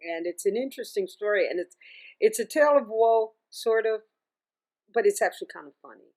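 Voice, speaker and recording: A middle-aged woman chats as an interview guest, spinning a long story with lively ups and downs in pitch. She restarts her sentences and breaks into laughs, sounding relaxed and talkative. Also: fairly quick. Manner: chatty and animated, laughs often, restarts sentences. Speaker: singer and music teacher, interview guest.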